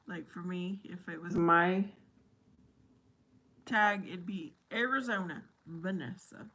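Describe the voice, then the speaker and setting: A woman's voice: on the low side, slow pace, sharp tone. A middle-aged woman hosting a casual livestream chat with her viewers, silly and giggly. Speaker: livestream host.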